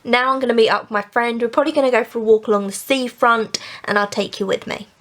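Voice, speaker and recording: A woman's voice: a little high, steady tone, fast, fairly bright tone, a little hiss or hum. Chatty young woman book vlogger. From England. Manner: chatty, rambling, with frequent laughs. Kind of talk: casual vlog chat.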